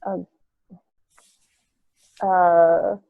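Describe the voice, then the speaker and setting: A woman's voice: on the low side, level tone, drawn-out words, gravelly, no room sound. A woman with a nasal voice, chatting casually and rambling, with many fillers and restarts. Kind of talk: casual chat. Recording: tinny phone-like line.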